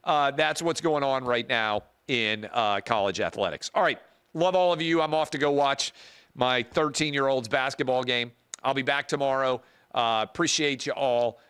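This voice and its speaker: Bright-voiced, opinionated male show host. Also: medium pitch, normal speed, clean tone, no echo. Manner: casual, opinionated, talks off the cuff. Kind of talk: opinion commentary monologue.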